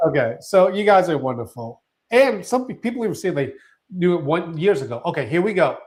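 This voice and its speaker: A high-pitched man co-hosting a relaxed live stream. He gets excited, trips over his words and starts his sentences over. His tone is chatty and loose. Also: fairly quick. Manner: excitable, restarts sentences, laughs often. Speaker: co-host. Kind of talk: casual live-stream chat.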